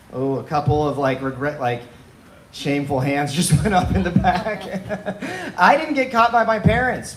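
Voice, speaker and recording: A man's voice: fairly high pitch, a little hiss or hum. Young man doing open mic stand-up. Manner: loose, animated storytelling with laughs. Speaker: stand-up comedian. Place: small bar and coffee venue. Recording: echoey live room.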